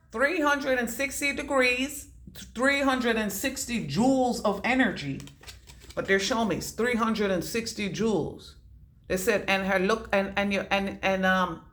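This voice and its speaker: A woman giving a casual psychic reading to camera, rambling from one thought to the next, swearing casually and slowing down to stress key words. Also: medium pitch, a bit bright. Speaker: intuitive reader.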